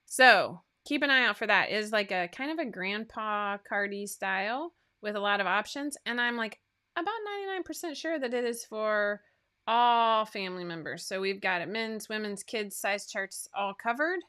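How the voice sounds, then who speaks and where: Casual woman host, bright voice, chatty asides between giveaway announcements. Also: mid-range voice, expressive, moderate pace. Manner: chatty, asides and fillers between list items. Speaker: host of a sewing pattern livestream. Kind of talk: casual livestream chat reading out giveaway winners.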